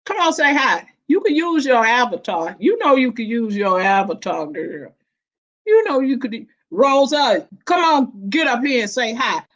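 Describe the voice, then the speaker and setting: A woman chats on her livestream, greeting viewers as baby and child. Her voice sits a little high and she takes her time with every word. The stream audio sounds dull and lo-fi. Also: big pitch swings. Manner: warm, affectionate, drawn-out and emotional, calling viewers baby and child. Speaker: livestream host. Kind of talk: casual livestream chat.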